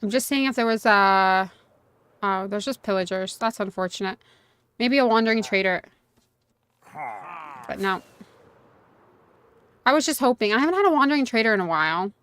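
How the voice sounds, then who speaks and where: A woman's voice: medium pitch, lively intonation, normal speed, pauses often, fairly bright tone, smooth, dry recording. A woman game streamer chatting casually and self-mockingly while playing, talking to the characters on screen. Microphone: desk USB microphone.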